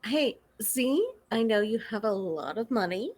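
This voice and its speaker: A woman's voice: a little high, expressive, a little slow, a little mellow. A woman playing a tabletop game, wary and teasing, often cutting in. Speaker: player. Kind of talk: tabletop role-play, in and out of character.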